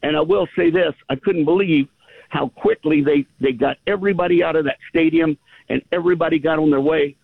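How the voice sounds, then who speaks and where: A man's voice: fairly high pitch, a little fast, creaky, slightly rough, no echo. A middle-aged man with a slight Southern accent, calling in to a radio show and telling a rambling, enthusiastic story. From California, US. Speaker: caller. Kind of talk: phone-in chat. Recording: tinny phone line.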